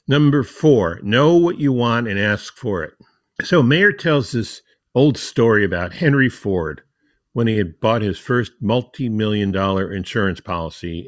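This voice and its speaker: A man hosts a podcast in a fairly low voice, working through his points one by one and reading passages aloud. His delivery is conversational and the sound is dry and close. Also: no room sound. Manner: explains points in a numbered list, reads quotes aloud. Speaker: podcast host. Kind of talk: conversational podcast talk on marketing.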